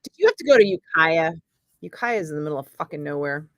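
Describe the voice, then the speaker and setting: A woman's voice: low-pitched, sing-song, fast, no echo. A woman in her fifties hosting a casual chat, talking in a blunt, profane and sarcastic way. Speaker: host.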